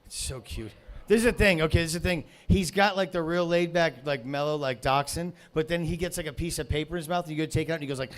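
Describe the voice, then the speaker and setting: Loud, profane man ranting on stage. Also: a little high, quick pace. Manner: profane, shouting rants at a heckler; rambling with many fillers and restarts. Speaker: comedy show host. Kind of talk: stand-up comedy rant.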